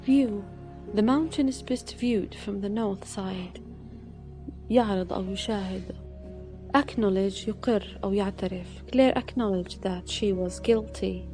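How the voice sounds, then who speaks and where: A woman with a soft, mellow tone works through a vocabulary list. She reads each word and its example sentence at a slow, measured pace, like a teacher. Quiet music plays faintly underneath. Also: mid-range voice. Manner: slow, measured reading, one word at a time.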